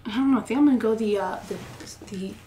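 A woman's voice: a little high, rapid-fire, dark tone, reverberant, a little hiss or hum. A young woman guest on a podcast, talking casually, giggling and searching for her words. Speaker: guest singer-songwriter. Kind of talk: casual interview chat.

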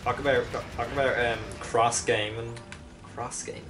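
A man's voice: mid-range voice, fairly even intonation, normal speed, far from the mic, over music. Casual let's-play guy, rambling jokey asides, sits back from the mic. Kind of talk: casual gameplay commentary.

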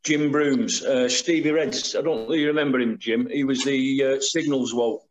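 A man's voice: mid-range voice, steady tone, moderate pace, low-quality recording. A middle-aged man, an army veteran, telling war stories in plain, dialect-tinged speech over a video call. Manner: plain storytelling with dialect grammar.

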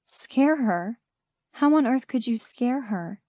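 Woman narrating a soft-spoken young mother, earnest, warm mellow tone, dry studio sound. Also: on the high side, lively intonation, takes it slowly, dry recording, pitched above the performer's own voice. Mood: concerned. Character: gentle, concerned young mother. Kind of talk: audiobook character voice.

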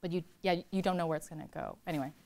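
A woman poet in her thirties, from California, answering audience questions in a chatty, animated way, laughing often and filling her talk with "like". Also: sits low, rapid-fire, vocal fry. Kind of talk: casual talk at a reading Q&A.

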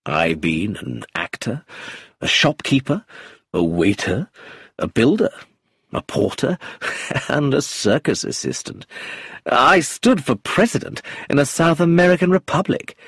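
A man's voice: mid-range voice, very animated, unhurried, a bit bright, breathy edge, no echo, studio quality, pitched above the performer's own voice, full character voice. A man playing a charming, amused rogue who is cold underneath, drawling and chuckling as he talks in a storybook reading.

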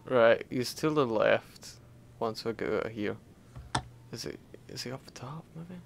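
A man's voice: medium pitch, a little slow, creaky, slight background noise. A young Scottish man chatting casually and joking while playing a video game with a friend. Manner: laid-back, joking asides while playing. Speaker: co-host of a let's play. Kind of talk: casual gaming chat.

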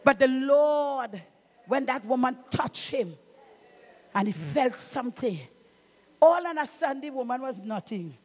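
A middle-aged Trinidadian woman preaches from the pulpit with fervour. She hammers her points home, calls out to the congregation, and rises into shouts as the sermon builds. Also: sits high, expressive, takes it slowly, long pauses. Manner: fervent, emphatic preaching with call-outs and bursts of shouting. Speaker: pastor.

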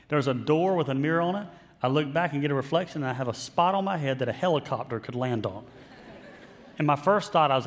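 A man's voice: on the high side, long reverb tail. A male pastor preaching a sermon in a conversational style with self-deprecating humor.

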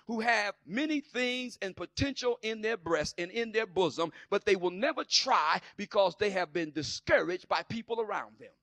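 Fiery high-voiced preacher with gravelly edge. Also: male voice, no room sound. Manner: impassioned, swings from near-shouting to quiet asides; plays skeptics in sassy put-on voices. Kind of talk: sermon.

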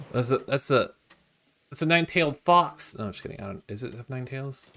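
A man streaming a video game, talking casually and getting excited about each new find. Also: medium pitch, moderate pace, creaky, slight background noise. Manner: excitable, gasping and laughing at new discoveries. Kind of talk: casual gameplay commentary.

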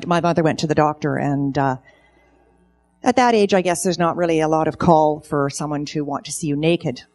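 A woman's voice: low voice, darkish tone. A middle-aged woman telling stand-up comedy stories on stage, in a dry storytelling way. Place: event stage.

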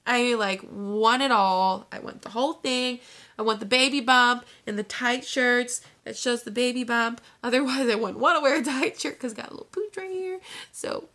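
In a chatty vlog to her phone camera, a twenty-something woman is bubbly and effusive, using "like" nonstop. Her voice is a little high with a sharp tone, and she talks at normal speed.

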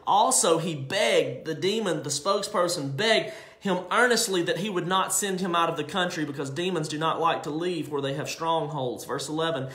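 Male preacher, high voice, emphatic sermon delivery, echoey room. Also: a bit bright. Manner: emphatic, drawn-out scripture reading with asides.

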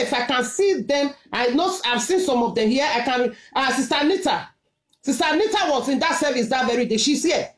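Nigerian prophetess preaching with emphatic repetition, high swooping voice, echoey room. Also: female voice, animated, brisk. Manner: emphatic, repetitive exhortation in Pidgin-laced English. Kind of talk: sermon with testimony.

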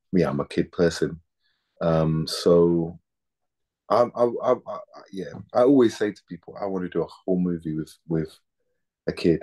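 A man's voice: low-pitched, dark tone. A man in his thirties, an actor chatting casually in an interview, laid-back and slangy, often repeating words as he thinks.

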